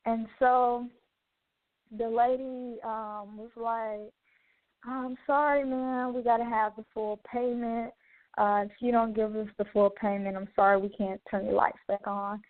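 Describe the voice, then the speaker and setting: A woman's voice: a little high, no echo. Woman telling a testimony on a phone-like line. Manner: emotional, earnest storytelling with many fillers. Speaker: radio show host. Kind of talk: personal testimony to listeners. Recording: dry tinny phone-like line.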